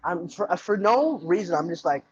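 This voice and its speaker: A man's voice: high-pitched, lively intonation, moderate pace, darkish tone. A young man co-hosting a podcast in casual chat, joking and swearing casually as he eats. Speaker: podcast co-host. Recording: dull lo-fi sound.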